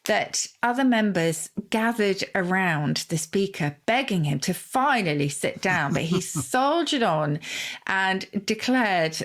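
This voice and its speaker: A middle-aged woman, co-hosting a podcast and explaining word origins with relish and quick asides. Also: medium pitch, expressive. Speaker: co-host, word expert.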